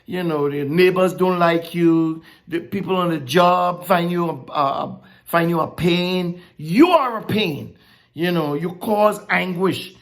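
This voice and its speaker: A woman preaching a sermon, teaching from scripture in a slow, emphatic way. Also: on the low side. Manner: emphatic, rising and dropping sharply, slow deliberate preaching.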